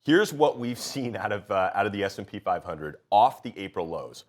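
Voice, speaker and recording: A man's voice: lowish voice, very animated, normal speed. A man hosting a studio market talk show, sounding congested and nasal from a cold, upbeat and folksy as he walks through charts. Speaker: show host. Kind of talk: casual market chat.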